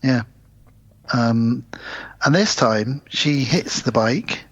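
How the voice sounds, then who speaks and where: Male podcast co-host, husky mid voice, relaxed recap, dry and muffled recording. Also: medium pitch, drawn-out words, no room sound. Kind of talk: casual film chat.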